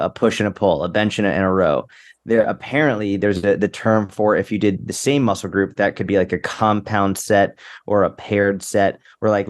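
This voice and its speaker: Laid-back young man, casual podcast chat. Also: fairly low pitch. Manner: laid-back, swears casually, stumbles and restarts. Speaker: podcast co-host.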